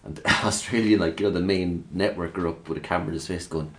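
A man's voice: low voice, steady tone, quick pace, fairly bright tone. A man in casual chat, laughing often and acting out quotes as he tells stories.

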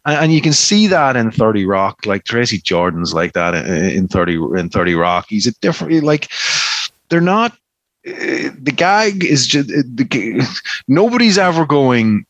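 A man's voice: mid-range voice, sing-song, normal speed, a bit bright, no room sound. A man in casual film chat, rambling with frequent restarts and swearing. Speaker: podcast co-host.

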